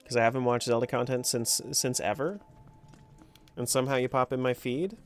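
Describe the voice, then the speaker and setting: A man's voice: mid-range voice, a little fast, soft background music. A man chatting casually on a live stream as he plays a game, talking to himself and to chat and laughing often.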